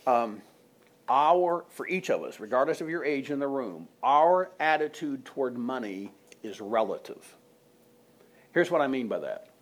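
A man's voice: medium pitch, sing-song, a little slow. A male pastor preaching a sermon to a congregation, retelling a story in a conversational way and asking the room questions.

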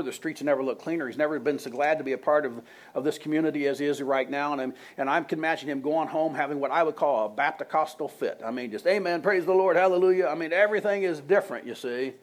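A male pastor with a mid-range voice preaches to his congregation, retelling a story conversationally and putting questions to the room.

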